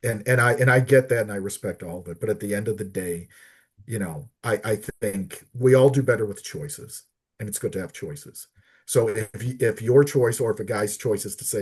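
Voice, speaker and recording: Husky-voiced middle-aged man, halting and earnest. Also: lowish voice. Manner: halting, repeats words while searching; earnest, heartfelt. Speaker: podcast guest, disability advocate. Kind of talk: emotional personal storytelling.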